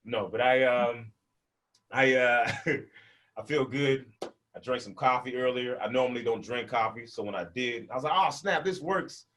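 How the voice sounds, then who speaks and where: A young adult man from the United States doing a stand-up comedy set, telling stories and acting out characters with loud, high-pitched outbursts and laughter. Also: steady tone, normal speed, a little hiss or hum. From American, born in Portland, raised in Memphis.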